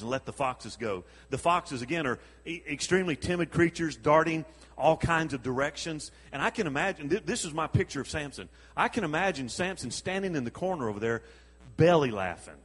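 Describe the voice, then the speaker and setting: A man delivers a sermon in a voice that sits a little high and has a husky edge. He tells the story with chuckles and acts out the lines of the people in it. His words carry a long reverb, as in a large hall. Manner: animated storytelling with chuckles and acted-out quotes. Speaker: preacher.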